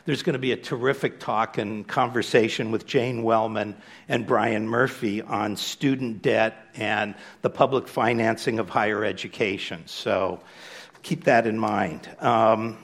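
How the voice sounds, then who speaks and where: A man giving a public lecture in a relaxed, conversational way, with frequent fillers. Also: fairly low pitch, a little slow, gravelly.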